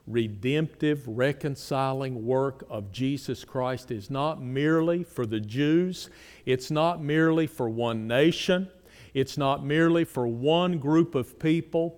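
Slow emphatic preacher in a reverberant hall. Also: male voice, a little high. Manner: emphatic, reads scripture aloud, pointed questions to the congregation. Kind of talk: sermon.

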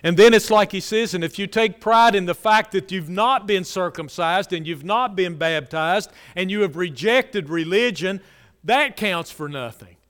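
A man delivers a sermon at a measured, unhurried pace, his voice fairly high for a man and smooth and clear. He preaches emphatically, swelling loud and then dropping low to drive points home. A long reverb hangs in the hall around him. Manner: slow, emphatic preaching with swells and drops in volume. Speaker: pastor.

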